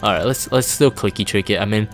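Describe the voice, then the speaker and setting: A man with a fairly low voice hosts a relaxed live stream, reading viewer messages aloud and musing with lots of ums and restarts. Faint game music plays underneath. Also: fast. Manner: reads chat aloud, rambling and laid-back with many fillers. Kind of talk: casual live-stream chat.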